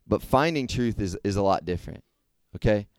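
A man's voice: lowish voice, animated, fairly quick, slight background noise. A young man giving a casual sermon to a group, talking conversationally and checking in with frequent questions. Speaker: youth speaker.

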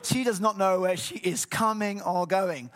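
Animated preacher, high voice. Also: male voice, unhurried. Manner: animated storytelling, acts out voices. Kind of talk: sermon with personal stories.

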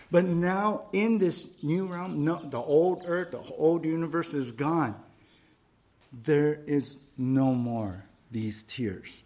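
A pastor with a slightly high, darkish voice preaches emphatically, repeating phrases and frequently checking in with listeners by asking "right?"

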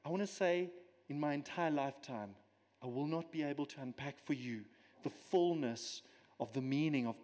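A man giving a sermon as a guest preacher, animated and teaching with everyday examples and asides. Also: on the high side, normal speed, long reverb tail. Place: church.

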